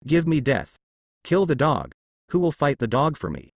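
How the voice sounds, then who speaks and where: A man's voice: medium pitch, wildly swooping pitch, normal speed, gravelly, no room sound, exaggerated voice. A man voicing a bossy little black cat in a storybook, cold and scornful.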